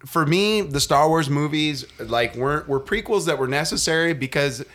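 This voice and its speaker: A man with a bright, sharp-edged voice that moves around a lot in pitch. He lays out his opinions at length in loose, casual conversation. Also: animated, moderate pace. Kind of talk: casual chat.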